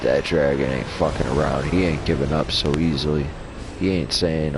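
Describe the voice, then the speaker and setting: Male gaming host with a deep, low voice, casual and foul-mouthed, rambling through lore commentary. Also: steady tone, normal speed, background noise. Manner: casual, rambling, heavy swearing. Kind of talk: lore commentary over gameplay.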